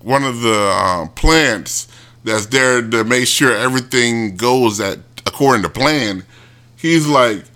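A man casually retelling a show, rambling with many restarts and mimicking people in high yelps. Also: a little slow, pushed and bright. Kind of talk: casual commentary.

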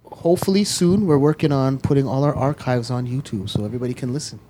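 A man co-hosting a gaming podcast, eager and playful as he pitches new plans. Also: fast, dark tone, a little hiss or hum. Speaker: podcast co-host. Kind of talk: casual chat.

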